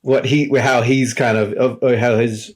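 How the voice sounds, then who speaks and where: A man's voice: mid-range voice, level tone, normal speed, a crowd in the background. Australian man with a light, Americanized accent. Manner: chatty, rambling anecdotes with many restarts. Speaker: podcast host. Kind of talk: casual podcast chat.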